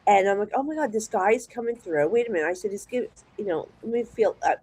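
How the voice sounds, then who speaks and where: A middle-aged woman with a New Jersey accent, a psychic guest telling rambling, animated stories in a casual chat. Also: medium pitch, fast talker, slightly rough, rough recording. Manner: chatty, rambling, animated storyteller with restarts.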